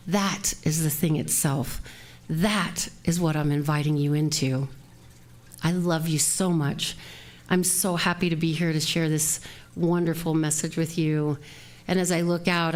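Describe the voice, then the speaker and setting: A woman minister giving a conversational sermon that mixes a personal story with a closing prayer, laughing now and then. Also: deep voice. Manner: warm, conversational, laughs often. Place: church sanctuary.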